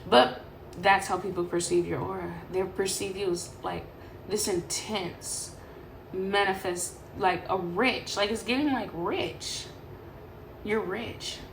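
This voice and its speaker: A young woman from Sacramento runs a casual tarot reading straight to camera, swearing freely and rambling in an animated way. Her voice sits at a middle pitch. The room is echoey, with a faint hum of ambience behind her. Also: takes it slowly, creaky. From Sacramento, California. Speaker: tarot reader.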